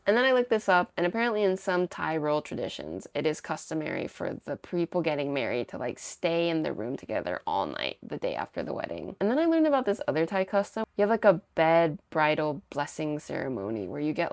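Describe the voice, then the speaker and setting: A woman's voice: low-pitched, gravelly, darkish tone, no room sound. A young woman hosting a casual book-versus-show recap, chatty and full of fillers, swearing casually. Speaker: recap video host.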